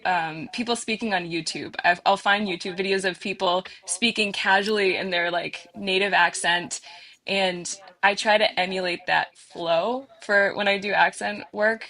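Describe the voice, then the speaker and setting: A woman's voice: mid-range voice, bright, forceful tone. A woman, a voice actor, explaining things casually and with a joking edge on a panel.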